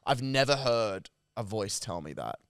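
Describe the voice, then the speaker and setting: A man's voice: fairly low pitch, a little slow, clear, resonant tone, no echo, studio quality. An Australian man co-hosting a podcast, telling stories in casual, profane chat. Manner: animated, profane storytelling. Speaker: podcast co-host.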